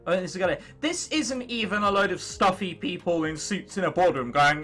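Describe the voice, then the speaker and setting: A man's voice: high voice, expressive, a little fast, hardly any pauses, fairly bright tone, faint music behind. A young man doing gameplay commentary, ranting in exasperation with a lot of swearing and sarcasm. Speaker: video game let's player.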